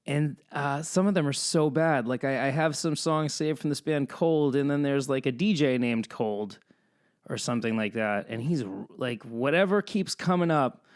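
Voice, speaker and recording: A young man hosting his own podcast in a casual, rambling, joking solo chat that swings up and down in pitch. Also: moderate pace. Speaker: podcast host.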